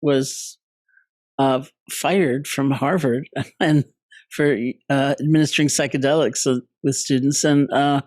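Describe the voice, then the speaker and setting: An older man hosts the conversation, filling in background for listeners in a measured, steady delivery. His pitch stays flat, and the sound is dry and close. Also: no echo. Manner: measured, with frequent uh fillers. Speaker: host. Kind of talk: interview explanation for listeners.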